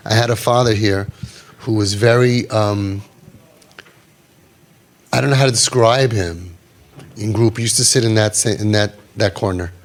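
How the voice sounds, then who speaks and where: A man's voice: on the low side, normal speed, long pauses. A man counseling parents in a group, talking animatedly, repeating phrases and acting out what people say. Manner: animated, repeats himself, acts out quoted people. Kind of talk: advice talk to parents.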